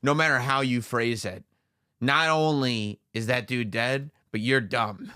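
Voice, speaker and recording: A man's voice: mid-range voice, steady tone, measured pace, pushed and bright, clear, resonant tone, dry recording. A man co-hosting a podcast in casual chat, with wry, dry humor, reading messages aloud. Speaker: podcast co-host.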